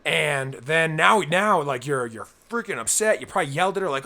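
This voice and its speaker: A man's voice: fairly high pitch, lively intonation, quick pace, hardly any pauses, pushed and bright. A young man co-hosting a casual podcast, talking earnestly and at length, acting out people's inner thoughts as he goes. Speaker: co-host.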